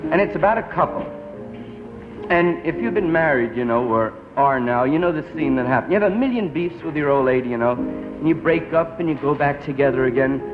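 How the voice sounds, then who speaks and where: A man's voice: on the high side, lively intonation, a little fast, music in the background. A man doing a stand-up routine in laid-back hip slang, from a dull lo-fi 1950s television broadcast. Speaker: stand-up comedian.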